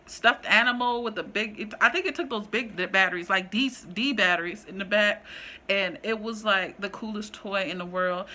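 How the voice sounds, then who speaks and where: A woman vlogger chatting casually and rambling through a ranked list, animated and full of slang. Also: medium pitch. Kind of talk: casual chat, ranking list.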